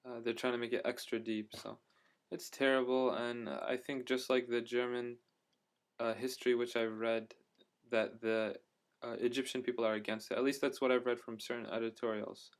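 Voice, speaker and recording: A man's voice: medium pitch, flat delivery, moderate pace. Rambling young man vlogging his travels. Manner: rambling, hesitant, many fillers and restarts. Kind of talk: casual travel vlog monologue.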